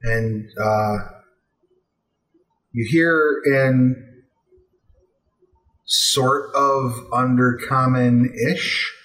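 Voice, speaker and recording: A man narrating as game master, relaxed and halting with fillers. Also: medium pitch, poor audio.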